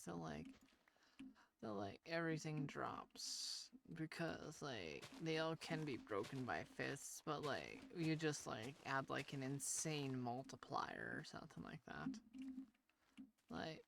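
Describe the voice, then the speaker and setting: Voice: medium pitch, a little slow, vocal fry, fairly bright tone, a little hiss or hum. A gaming video creator with a nasal voice, chatting loosely over gameplay with many fillers and restarts, shy and hesitant. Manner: shy, talks about social anxiety. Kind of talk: casual gameplay commentary.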